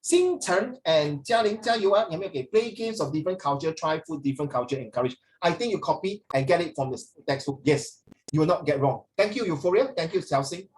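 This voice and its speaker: A man's voice: fairly high pitch, expressive, fast, darkish tone, slight background noise, rough recording. Playful male teacher. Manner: switches between English and Mandarin; playful, teasing. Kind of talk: casual classroom lesson.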